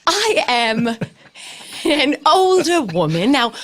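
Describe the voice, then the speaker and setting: Comedienne as a prim old English baking judge, high and lively, unhurried. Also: female voice, exaggerated voice. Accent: put-on English. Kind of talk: improvised comedy podcast character.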